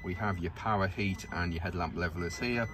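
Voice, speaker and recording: A man's voice: low-pitched, brisk, crowd noise. A man with an English accent, a van dealer, giving a casual, matter-of-fact walkaround of a pickup truck for sale. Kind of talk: vehicle walkaround sales video. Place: inside and around a pickup truck, outdoors. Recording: noisy outdoor vehicle recording.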